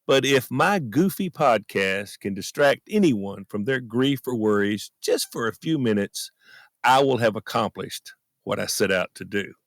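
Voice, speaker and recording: Brief: male podcast host, folksy earnest storyteller, animated, bone-dry closet sound. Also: mid-range voice, unhurried, dry recording. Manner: earnest, folksy, self-deprecating. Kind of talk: personal storytelling monologue. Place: friend's closet at home.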